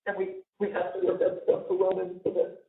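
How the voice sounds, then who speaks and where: An older woman with a New York accent, talking in a halting, rambling way with many restarts, sounding distressed. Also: fairly low pitch, monotone, gravelly. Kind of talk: recorded conversation. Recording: tinny phone line, echoey.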